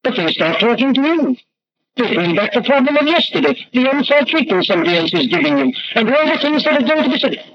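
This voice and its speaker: A man's voice: very high voice, very animated, fast. A man preaching a sermon in an emphatic, rhetorical way, his voice swelling and dropping. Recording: dull lo-fi archival recording with faint noise.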